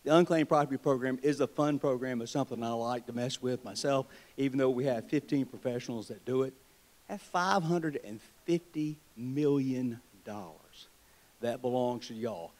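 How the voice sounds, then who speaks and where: A man with a Southern US accent addresses a convention crowd from the podium. He tells his stories in a folksy, wry, joking way. His voice sits at an average pitch for a man. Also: normal speed, a little mellow. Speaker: state treasurer giving a convention speech. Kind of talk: political speech with folksy storytelling. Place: convention hall.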